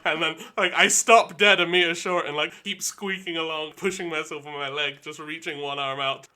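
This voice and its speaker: A man playing a tabletop game, telling his character's actions in an animated way. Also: on the high side, moderate pace. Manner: animated, laughing storytelling. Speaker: player.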